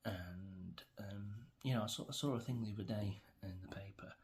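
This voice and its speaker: A man's voice: on the low side, normal speed. A middle-aged man with an English accent, rambling through an opinionated vlog rant with many fillers and restarts. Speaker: vlogger.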